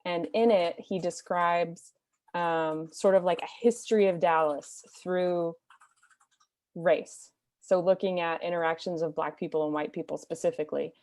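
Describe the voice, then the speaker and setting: A woman artist, a guest in a casual conversation, recounting things in a measured, thoughtful way. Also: lowish voice, fairly even intonation, darkish tone.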